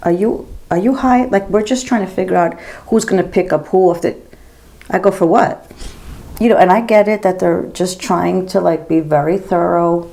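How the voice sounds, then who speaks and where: Gravelly chatty woman in her fifties. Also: on the low side, steady tone, moderate pace, mellow. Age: 50s. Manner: gossipy, rambling, says girl and like a lot. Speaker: makeup vlogger and nurse. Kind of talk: casual chatty storytelling while doing makeup.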